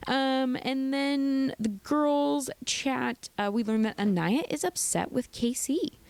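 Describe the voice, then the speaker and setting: A young woman hosting a casual reality TV recap, sassy and opinionated, with animated asides. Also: high-pitched, slow pace, no room sound. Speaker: recap host.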